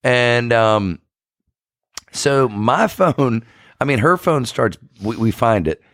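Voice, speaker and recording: A man's voice: mid-range voice, lively intonation, takes it slowly, fairly bright tone, dry recording, clean studio sound. A man telling an embarrassing story as a podcast guest, rambling, swearing and correcting himself as he goes. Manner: rambling, self-correcting, profane, laughing at himself. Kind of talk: casual storytelling.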